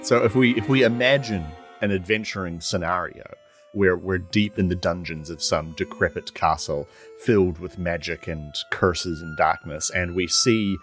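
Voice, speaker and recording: A fairly low-voiced man describing his game character in a loose, rambling way, full of fillers and restarts. Music plays clearly underneath. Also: normal speed. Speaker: player.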